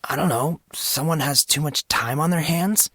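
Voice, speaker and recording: A man's voice: a little high, moderate pace, fairly bright tone, slightly rough, no echo, clean studio sound, voice pushed up. A man voicing a clever but awkward fourteen-year-old boy who sounds sheepish and asks questions.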